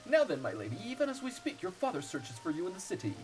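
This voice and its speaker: Streamer doing a fussy household servant voice, formal, fretful, swooping pitch. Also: male voice, wildly swooping pitch, fast, faint music behind, low-quality recording.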